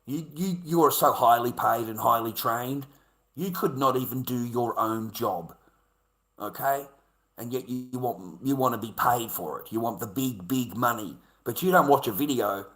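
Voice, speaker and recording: A man's voice: medium pitch, normal speed, fairly bright tone. A middle-aged Australian man, a live streamer, angrily ranting in a combative, profane, repetitive way. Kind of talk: angry ranting monologue. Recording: echoey room.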